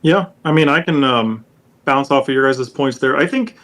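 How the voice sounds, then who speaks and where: A man's voice: medium pitch, moderate pace, a bit bright. A man co-hosting a podcast, rambling through his points with lots of "you know" and "um". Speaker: podcast co-host. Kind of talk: casual podcast discussion.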